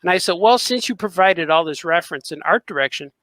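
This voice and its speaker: A man who draws comics, co-hosting a podcast and telling a story with lively acted-out dialogue and frequent laughter. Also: high voice, quick pace, dry recording, poor audio. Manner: animated storyteller, acts out dialogue, laughs often. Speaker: podcast co-host and comic artist. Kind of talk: casual chat.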